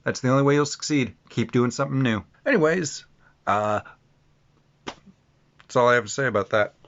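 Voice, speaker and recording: A man delivers an animated, foul-mouthed review in a casual ranting style. His pitch sits in an ordinary middle range. The recording sounds slightly dull and lo-fi. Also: normal speed. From Canada. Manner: blunt, profane, animated. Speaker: video reviewer. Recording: muffled lo-fi audio.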